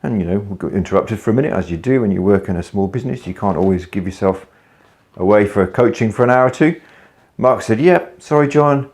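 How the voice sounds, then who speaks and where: Male business coach, lower register, blunt and casual, cusses freely while he tells stories. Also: quick pace, darkish tone. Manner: blunt, swears casually, storytelling. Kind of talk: casual video talk to camera.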